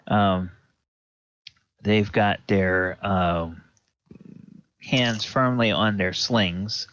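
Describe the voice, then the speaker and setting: A man's voice: lowish voice, fairly bright tone, dull audio. A man narrating a tabletop game as game master, hesitant and full of ums and restarts.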